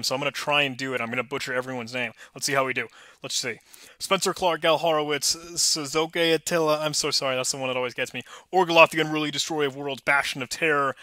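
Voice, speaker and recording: A man walks through a coding exercise in a loose, self-deprecating chat that is often sheepish and apologetic. His voice is bright and forward, and the sound is close and dry from a desk microphone. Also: a little high, dry recording. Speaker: tutorial host. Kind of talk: screen-recorded coding tutorial.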